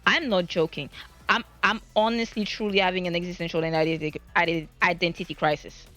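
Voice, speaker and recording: A woman's voice: lowish voice, fairly even intonation, fairly quick, fairly bright tone, faint music behind. A woman streamer talking in a casual live-stream monologue, rambling and flustered, often stammering and restarting her sentences.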